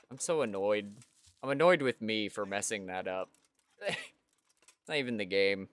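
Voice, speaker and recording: A man streams a video game and comments casually as he goes. He talks slowly in a somewhat low voice, chatting to the character on screen and poking fun at his own mistakes. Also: very animated, fairly bright tone. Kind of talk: casual let's-play commentary.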